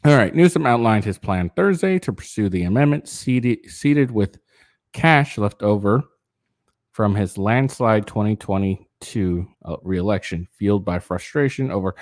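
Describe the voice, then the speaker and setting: A man with a fairly low voice reads a news piece aloud and keeps breaking into crude, rambling asides. He sounds tired, stumbles and restarts often, and leans on fillers. The sound is close and dry. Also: expressive, a little slow, no room sound. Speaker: political commentary channel host. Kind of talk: casual reading of a news article with rants.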